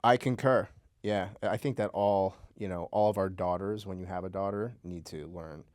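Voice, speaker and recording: Low-voiced laid-back man, dry sound. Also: steady tone, normal speed, a little mellow, no echo. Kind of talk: casual chat.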